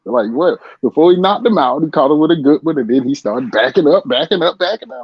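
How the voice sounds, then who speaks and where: Man, husky, lively pitch, casual boxing co-host, laughing storyteller, dry lo-fi audio. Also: fairly quick, hardly any pauses, no room sound. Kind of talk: casual chat.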